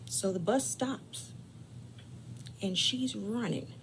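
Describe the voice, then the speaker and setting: A woman host telling a personal family story in a lively, dramatic way, chatting directly with her listeners and dropping to whispers for suspense. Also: medium pitch, slow pace, gravelly, noisy background. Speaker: caregiving channel host.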